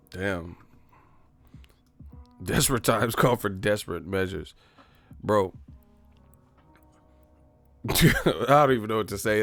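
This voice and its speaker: Gravelly, low-voiced man joking on a live stream. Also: fairly bright tone. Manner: profane, joking, puts on voices for bits. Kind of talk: casual live-stream chat reading super chats.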